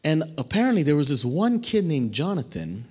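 A man preaching a sermon, telling a personal story with animated delivery and acted-out voices. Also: a little high, a little fast, breathy edge.

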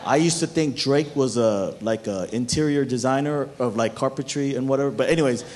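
A man preaching a sermon as pastor, animated and talking straight to his listeners, even humming tunes to make a point. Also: medium pitch, fairly quick, a little hiss or hum. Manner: animated preaching, talks to the crowd.

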